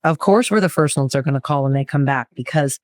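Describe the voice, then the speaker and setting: Animated woman therapist, dry close sound. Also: very deep voice, quick pace, dry recording. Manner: animated, acts out clients' voices. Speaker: therapist and co-host. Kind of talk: casual podcast chat.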